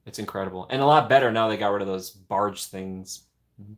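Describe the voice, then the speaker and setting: A man with a slightly low-pitched voice hosts a casual livestream. He chats easily, reads viewer comments and answers them, and he sounds like he is speaking into a home streaming mic. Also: brisk. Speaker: livestream host.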